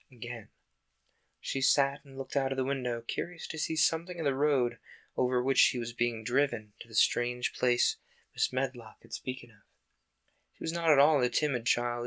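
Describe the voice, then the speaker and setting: A man host reading a classic children's book aloud in a calm, steady narration. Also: mid-range voice. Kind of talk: audiobook-style narration.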